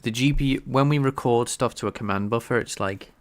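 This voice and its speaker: A man livestreaming game development, thinking aloud in a halting way with many restarts. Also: medium pitch, dry recording. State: sneezing, a bit stuffy. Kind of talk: casual livestream coding talk.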